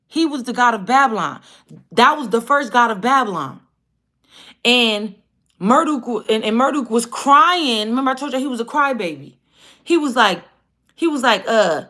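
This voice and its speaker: A woman hosting a livestream, telling a story in a casual, animated and profane way. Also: fairly high pitch. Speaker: livestream host.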